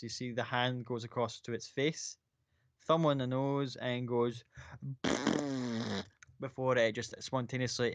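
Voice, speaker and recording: A man with a medium-pitched, clean voice and no room sound runs a tabletop role-playing game as game master. He narrates casually and descriptively, full of "like" and "kinda."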